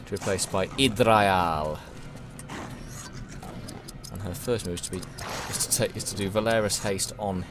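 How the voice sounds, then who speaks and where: A man's voice: fairly low pitch, normal speed, pauses often, over music. A man giving chatty, self-deprecating commentary while streaming a game and answering chat. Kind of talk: casual gameplay commentary.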